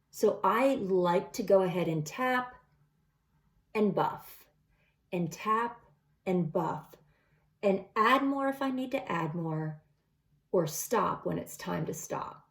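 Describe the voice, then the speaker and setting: A woman's voice: fairly low pitch, vocal fry, a little mellow. A middle-aged woman talking through a makeup tutorial step by step in a casual, chatty way. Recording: echoey room.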